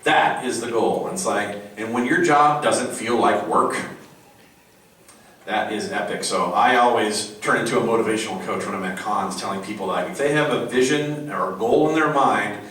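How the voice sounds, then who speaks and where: A man on a convention panel, talking casually as a voice actor, animated and jokey. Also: on the low side, normal speed, far from the mic. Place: convention hall. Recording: very echoey hall, recorded from afar.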